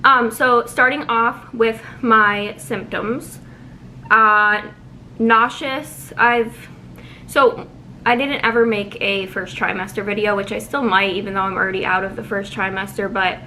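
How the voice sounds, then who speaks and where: A young woman chatting casually at home in a vlog, talking quickly with lots of ums and sounding a little out of breath. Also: mid-range voice, steady tone, pushed and bright, a little hiss or hum, low-quality recording. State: slightly out of breath. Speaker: vlogger. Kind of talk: casual pregnancy update vlog.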